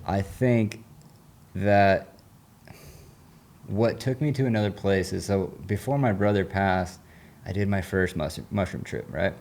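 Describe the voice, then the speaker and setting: Appearing as a guest on an interview podcast, a recovery coach tells a personal story in an earnest, rambling manner, slipping in casual slang. His low, mellow voice is creaky, and he moves at a measured pace with frequent pauses.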